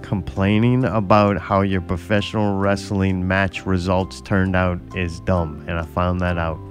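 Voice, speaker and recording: A man co-hosting a casual chat, telling a story in a profane, animated way. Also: low voice, unhurried, faint music behind.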